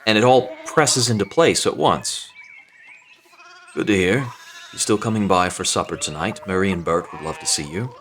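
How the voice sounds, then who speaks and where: A sociable village printer chats in an easygoing way, as a man with a very low voice reads him out. It sounds like a game player reading the text aloud rather than a performance. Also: normal speed, a bit bright, slight background noise. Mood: friendly.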